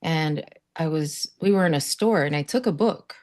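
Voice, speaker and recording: This woman has a deep, slightly mellow voice and a moderate pace. She is from South Florida and sits on a summit panel, where in casual talk she shares earnest faith stories and performs quoted voices.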